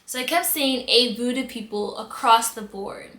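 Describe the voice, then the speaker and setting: Woman, from the United States, storytime vlog, bright tone, echoey room. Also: a little high, moderate pace. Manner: animated storytelling with dramatic replayed reactions. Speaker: vlogger.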